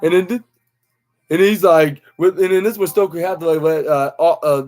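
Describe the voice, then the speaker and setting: Young guy rambling thru a wrestling recap, kinda high voice, lots of uh and like. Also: moderate pace, darkish tone. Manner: rambling, many fillers and restarts, acts out quotes. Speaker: podcast host.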